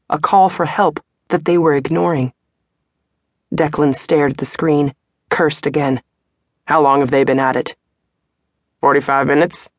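A woman narrating a romance audiobook in a steady, even storytelling manner. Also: low-pitched, no echo, clean studio sound. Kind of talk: scripted narration.

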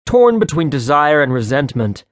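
A man narrating an audiobook in a brisk, wry storytelling manner, close to a studio mic. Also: a little high, big pitch swings, dry recording.

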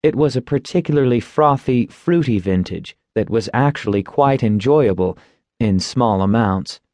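A man narrating a fantasy audiobook in a wry, unhurried storytelling manner. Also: medium pitch, expressive, darkish tone, no room sound.

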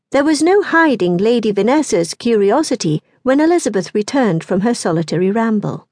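Female audiobook narrator, breathy, lively pitch, measured, close dry read. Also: no room sound. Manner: measured, expressive storytelling. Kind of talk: scripted narration.

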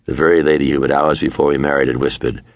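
An older man with a gravelly voice, narrating his own memoir in a wry manner, at times dropping to a murmur. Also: extremely low pitch, level tone, fast, no echo. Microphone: close studio mic.

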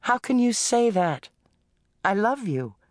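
A woman voicing a middle-aged former police officer turned writer, quick and earnest in her replies. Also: medium pitch, very animated, no echo, clean studio sound, pitched above the performer's own voice.

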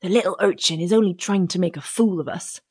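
A woman voicing a pair of scheming male thieves in an audiobook, in a gruff, plotting manner. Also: lowish voice, quick pace, darkish tone. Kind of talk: audiobook character reading.

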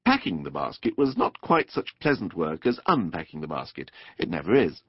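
A man narrating a children's storybook audiobook in an expressive, playful, animated way. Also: sits low, normal speed, vocal fry, breathy edge, no room sound. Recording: dull dry studio recording.

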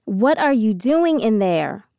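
A woman reading an audiobook and voicing a strict, brisk mother in a firm, no-nonsense way. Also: fairly high pitch, expressive, dark tone, no echo, pitched above the performer's own voice.

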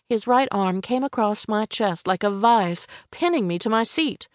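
A woman reads a first-person mystery novel in a measured, steady manner. Her voice sits at a middle pitch. The studio sound is close and dry. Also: no room sound. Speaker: audiobook narrator. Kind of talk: scripted first-person narration.

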